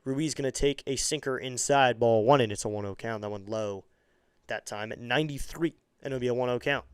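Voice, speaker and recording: With a smooth voice and a slightly quick delivery, a man does fan-streamer play-by-play for baseball, amateur style. Big plays make him climb sharply in pitch and loudness, and he fills the gaps with casual talk to viewers. The sound is clean studio audio without any room sound.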